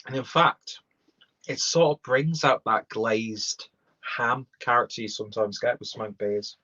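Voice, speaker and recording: A man's voice: mid-range voice, a little slow, pushed and bright. A young man giving a rambling, sweary, casual live-stream beer review, talking while chewing. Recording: dull lo-fi stream audio.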